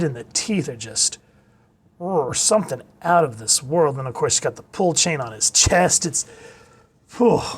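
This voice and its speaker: A man giving a casual video review of a comic, retelling it excitedly with gasps and exclamations. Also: medium pitch. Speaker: manga reviewer.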